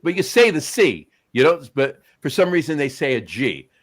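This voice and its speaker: A man's voice: on the high side, sing-song, moderate pace. A man, co-hosting a podcast in casual chat, rambling with many restarts. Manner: rambling, full of restarts and fillers. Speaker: podcast co-host.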